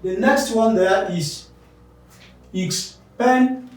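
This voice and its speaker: A man's voice: sits high, drawn-out words. A man teaching word stress, repeating each word and contrasting wrong and right stress. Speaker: English pronunciation teacher. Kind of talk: classroom lesson. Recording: very echoey room, voice from far off.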